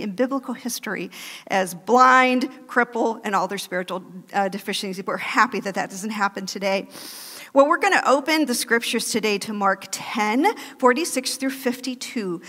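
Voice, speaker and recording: A woman delivers a sermon in a loud, animated way, breaking into laughing asides. Her voice sits fairly high. It rings through a church with a long hall reverb. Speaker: guest preacher. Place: church sanctuary.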